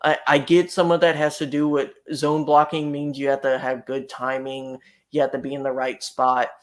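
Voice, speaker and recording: A man's voice: medium pitch, little pitch movement, normal speed. A man hosting a casual podcast, chatting easily and putting questions to his guest. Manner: easygoing, asks guests questions. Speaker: podcast host.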